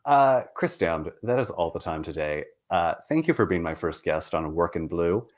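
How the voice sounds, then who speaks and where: A man's voice: deep voice, sing-song, normal speed. A man hosting a casual interview, asking loose questions with a wry, teasing manner. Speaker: interview host.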